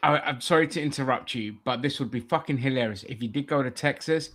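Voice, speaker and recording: A man's voice: medium pitch, fast talker, fairly bright tone. A man chatting casually as podcast co-host, blunt and jokey with frequent swearing. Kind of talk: casual chat.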